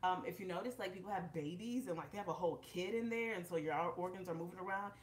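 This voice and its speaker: A woman's voice: lowish voice, quick pace, echoey room, a little hiss or hum. Chatty slightly breathless woman vlogger. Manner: chatty, direct, addresses viewers. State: a little out of breath. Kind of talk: casual vlog, demonstrating on camera. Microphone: camera propped up in front of her.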